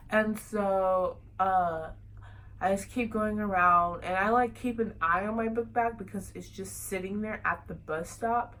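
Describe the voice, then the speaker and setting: A woman's voice: medium pitch, normal speed, fairly bright tone, slight background noise, rough recording. Young woman rambling through a story. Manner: rambling, many fillers like "like" and "you know". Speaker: vlogger. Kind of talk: casual storytelling.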